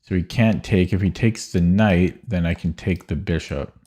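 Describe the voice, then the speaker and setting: A man's voice: sits low, normal speed, warm tone. A young man streaming chess, thinking aloud in a hesitant, muttering way with frequent self-corrections. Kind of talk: thinking aloud while solving puzzles.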